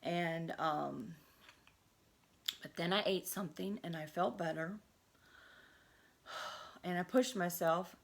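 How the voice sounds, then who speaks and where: 50-something lady w a light southern drawl, hyper rambly vlog chat, kinda gravelly voice. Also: fairly low pitch, takes it slowly, pauses often. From Connecticut, US. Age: 50s. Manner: rambling, hyper, jumps between thoughts. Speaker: vlogger. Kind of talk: casual chat to camera.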